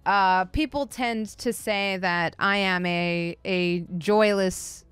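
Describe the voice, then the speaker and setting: A woman's voice: mid-range voice, slow, a bit bright, clear, resonant tone, no echo, faint music behind. A woman hosting a comic book show, giving a blunt, sarcastic and profane casual review.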